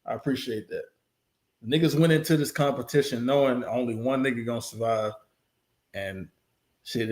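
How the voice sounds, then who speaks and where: A man's voice: mid-range voice, darkish tone. A man hosting a reaction video, talking bluntly and casually with plenty of profanity. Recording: roomy echo.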